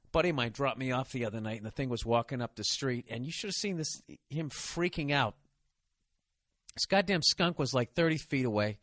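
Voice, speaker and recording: A man's voice: fairly high pitch, fairly bright tone, no room sound, clean studio sound. A man hosting a podcast, delivering a sarcastic, profane comedic rant. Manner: swears constantly, sarcastic and ranting. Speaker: podcast host.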